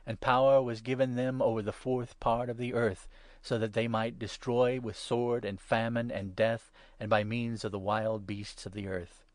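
Male narrator, mid-pitched, solemn scripted scripture reading, dry close sound. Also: level tone, dry recording. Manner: measured, solemn reading that swells louder on proclamations. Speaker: scripture reader.

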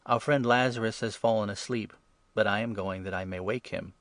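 A man voicing Jesus as a calm, grave teacher, speaking in a measured, solemn way. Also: on the low side, no echo, lightly acted.

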